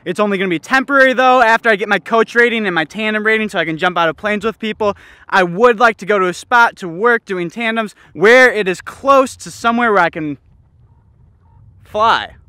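A young man talking casually to the camera as an outdoor-sports vlogger, excited and laid-back, full of "like" and "dude". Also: high-pitched, brisk, clear, resonant tone, no room sound. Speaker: vlogger and speed flyer. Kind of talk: casual vlog talk to camera. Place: outdoors on a mountain.

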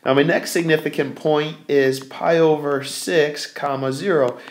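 A man's voice: a little high, steady tone, measured pace. A man teaching a recorded math lesson, thinking aloud as he draws and correcting himself along the way.

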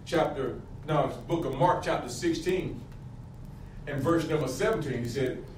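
A man's voice: fairly high pitch, moderate pace, darkish tone. A middle-aged man preaching a fervent sermon, firing questions at his congregation. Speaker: pastor. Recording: echoey, from a distance, faint room noise.

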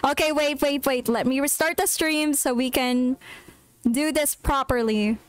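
High-voiced panicky woman streamer. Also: unhurried, no echo. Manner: panicky, exclaiming, repeats herself. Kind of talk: live horror game commentary.

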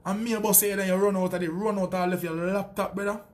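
A man's voice: sits high, steady tone, fast talker. A Jamaican man, a sound system selector, delivering a heated, boastful and taunting callout full of profanity.

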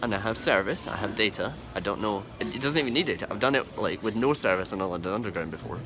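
Young man, low lively voice, rambling vlog chat, handheld camera, music bed. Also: fast. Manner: chatty and rambling, with many fillers and restarts. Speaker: vlogger. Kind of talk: casual travel vlog. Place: airport departure area, indoors.

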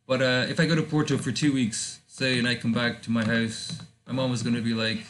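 A man from Lisbon, a native Portuguese speaker, giving casual let's-play commentary in English, thinking aloud with rambling asides and bursts of excitement. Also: mid-range voice, fairly quick, hardly any pauses. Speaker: gaming channel host.

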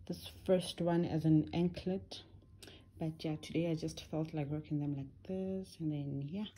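A woman's voice: fairly low pitch, darkish tone, a little hiss or hum, poor audio. Chatty woman vlogging by phone. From South Africa. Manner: chatty, exasperated, quick laughs. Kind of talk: casual vlog chat. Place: home indoors. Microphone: phone held at arm's length.

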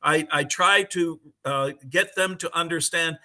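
A middle-aged man, speaking over a video call as a conference panelist. His voice sounds slightly high and very bright. He talks haltingly, with many fillers, but he stays eager and enthusiastic. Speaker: conference panelist and English teacher. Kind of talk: conversational answer on a video call.

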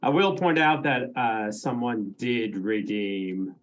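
A man playing a tabletop role-playing game, thinking aloud in halting, unfinished sentences. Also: fairly low pitch, lively intonation. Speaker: player. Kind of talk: casual game talk.

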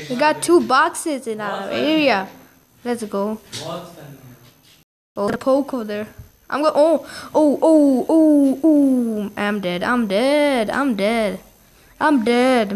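A woman giving casual gameplay commentary, reacting excitably with quick exclamations. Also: a little high.

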